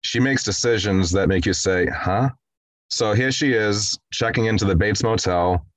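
A man co-hosting a casual film discussion, retelling scenes in an animated way and acting out the quotes. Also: fairly low pitch, normal speed, no room sound. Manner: animated storyteller who acts out quotes. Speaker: podcast co-host.

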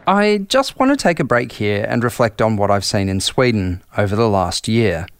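A man hosting and narrating in a measured, reflective, scripted way. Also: lowish voice, animated, smooth, no room sound, clean studio sound. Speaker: host and narrator.

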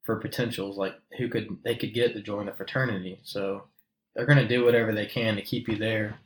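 A man's voice: lowish voice, fairly even intonation, brisk, a little hiss or hum. Laid-back young guy telling stories. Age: young adult. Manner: laid-back, swears, rambling storytelling. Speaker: podcast guest. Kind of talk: casual podcast chat. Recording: echoey room.

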